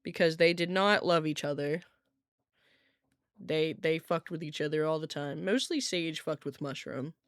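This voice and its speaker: A woman's voice: low-pitched, a little slow, no room sound, studio quality. A woman streamer in casual chat with viewers, rambling with lots of filler words and laughing often, at home with her cat.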